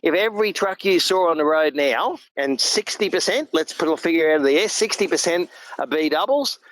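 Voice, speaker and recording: A man's voice: on the high side, animated, brisk, a bit bright, no room sound, poor audio. A middle-aged Australian man, a truck driver guest, talking emphatically and earnestly in a casual chat.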